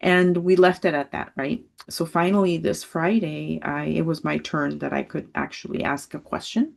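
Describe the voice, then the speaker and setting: A woman in her sixties telling a personal story on a video call, animated and laughing often as she acts out voices. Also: low voice, moderate pace, gravelly. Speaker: study group member.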